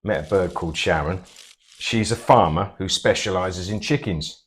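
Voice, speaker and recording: A man's voice: low voice, normal speed, slight background noise. A man with a Portsmouth English accent, bantering and teasing with dry quips in a comic sketch. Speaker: comedy double-act host.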